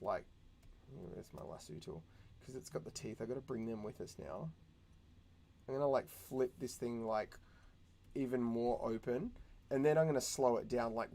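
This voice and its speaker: A young man teaching animation in a casual, chatty way, thinking out loud and making little sound effects as he works. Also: medium pitch. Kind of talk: casual screen-recorded tutorial.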